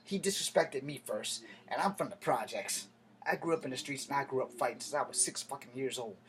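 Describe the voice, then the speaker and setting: A man's voice: mid-range voice, animated, brisk, fairly bright tone. Profane, heated man ranting to camera. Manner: profane, heated, digressive street talk. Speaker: vlogger. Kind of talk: casual rambling storytelling to camera.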